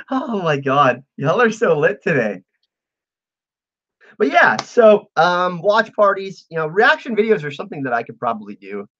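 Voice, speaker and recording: A lively, fairly high-voiced man hosts a casual livestream and keeps up an easy, chatty flow as he answers his viewers. His pitch swings widely and he laughs often. The sound is a little dull and lo-fi. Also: moderate pace. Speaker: livestream host. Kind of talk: casual livestream chat, reading out chat messages.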